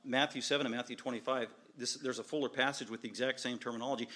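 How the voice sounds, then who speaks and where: A man's voice: mid-range voice, quick pace, sharp tone. A man preaching a sermon as pastor, driving home his points with repeated short, emphatic declarations.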